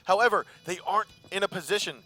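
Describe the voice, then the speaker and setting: A man calling live esports action, building up fast and loud on big plays. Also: high voice. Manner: excitable, rises sharply on big plays. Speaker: esports caster. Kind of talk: play-by-play commentary.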